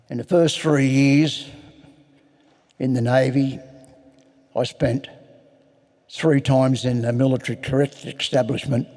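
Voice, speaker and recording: A man's voice: mid-range voice, a little mellow. An older Australian man telling his personal recovery story to a convention audience, plain-spoken and frank with self-mocking humour. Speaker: AA convention speaker. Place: large hall. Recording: long hall reverb.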